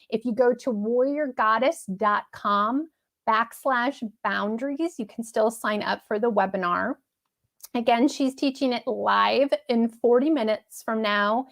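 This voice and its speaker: A woman hosting a casual live-streamed pep talk, chatty and upbeat, laughing often and reading viewer comments aloud. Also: a little high.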